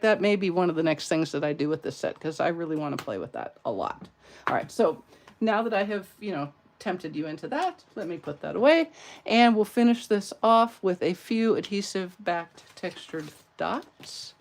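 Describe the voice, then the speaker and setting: A middle-aged woman from California with a Southern accent, demonstrating card crafts in a playful, chatty, self-deprecating way at her crafting table. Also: mid-range voice. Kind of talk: live craft tutorial.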